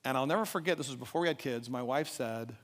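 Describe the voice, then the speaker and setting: Animated man speaking in an echoey hall. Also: medium pitch, fast. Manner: animated storytelling, quizzes the audience. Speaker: event speaker. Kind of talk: motivational talk to a live audience. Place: large event hall.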